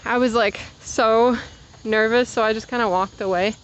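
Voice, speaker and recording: A woman in her twenties, a vlogger, chats casually while out on an outdoor walk, wandering through side stories. She's slightly out of breath from heading uphill, and her fairly high voice holds a fairly even intonation at a moderate pace. The audio sounds dull.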